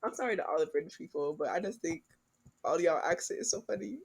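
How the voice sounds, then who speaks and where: A woman's voice: on the low side, lively intonation, fast, gravelly, slightly rough, poor audio. A young woman from the United States co-hosting a podcast, chatting casually and animatedly, often laughing and slipping into joking voices. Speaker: podcast co-host. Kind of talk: casual chat.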